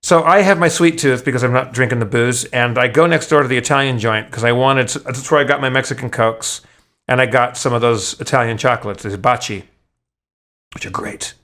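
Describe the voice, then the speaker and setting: A man hosting a podcast, telling a story in loose, casual chat. He rambles, restarts sentences with stammers, and swears freely. His voice sits at an ordinary pitch for a man. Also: a little fast, sharp tone. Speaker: podcast host.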